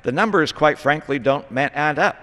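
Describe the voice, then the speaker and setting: A middle-aged man from Utah stands at a podium microphone and gives an earnest, lecturing floor speech. His voice sits a little high for a man, and he leans hard on key words. The long reverb of a large legislative chamber trails behind him. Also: normal speed, fairly bright tone. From Utah, United States. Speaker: congressman.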